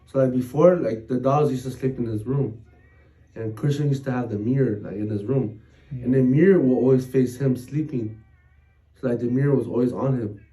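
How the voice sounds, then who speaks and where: A man's voice: mid-range voice, fairly quick, warm tone, recorded from a distance, rough recording. Slangy man telling scary stories. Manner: rambling, heavy slang and swearing. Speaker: podcast co-host. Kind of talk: casual storytelling chat.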